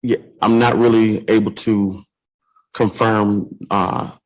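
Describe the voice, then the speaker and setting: A man's voice: on the low side, little pitch movement, takes it slowly, darkish tone, low-quality recording. A man testifying as a sheriff's deputy at a court hearing, formal and hesitant, answering with "yes, sir".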